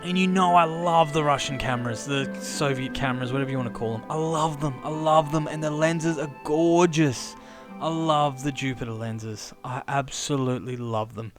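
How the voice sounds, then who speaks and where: A young man rambling excitedly to camera, repeating himself as he thinks aloud. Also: a little high, moderate pace, music in the background. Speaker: camera vlogger. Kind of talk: casual rambling monologue.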